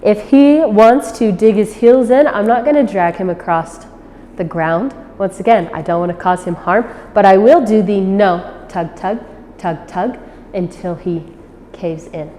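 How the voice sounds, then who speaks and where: Woman dog trainer, mellow voice, patient teaching tone, some room reverb. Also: a little slow, slight background noise. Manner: explains patiently, then switches to high-pitched praise for the dog. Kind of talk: instructional demonstration. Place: outdoors.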